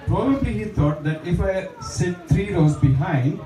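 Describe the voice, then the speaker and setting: A man's voice: high-pitched, a little slow, background noise. Young man doing chatty stand-up. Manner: chatty, self-deprecating, lots of fillers. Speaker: stand-up comedian. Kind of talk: open mic stand-up. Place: small bar stage with a live audience. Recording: echoey bar room, distant mic, audience laughter.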